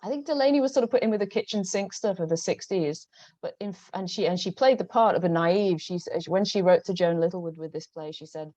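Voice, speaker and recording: Novelist guest, woman, Northern English accent, mellow low voice, hesitant, dull call audio. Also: fast, no echo. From Northern England. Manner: hesitant, many restarts and ums. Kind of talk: conversational book talk. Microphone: video call.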